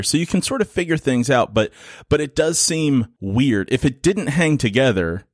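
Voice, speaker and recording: A man's voice: mid-range voice, moderate pace, no room sound, clean studio sound. A man co-hosting a casual movie podcast, chatting loosely, often laughing and acting out little quotes. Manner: laughing, animated, acts out quotes. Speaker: podcast co-host reviewing movies. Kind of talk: casual chat.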